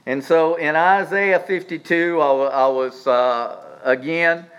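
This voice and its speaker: A man preaching a sermon as pastor, swinging from quiet low asides up to emphatic high peaks, often restarting his phrases. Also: steady tone, unhurried, smooth, lo-fi sound. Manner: repeats words and restarts phrases while speaking.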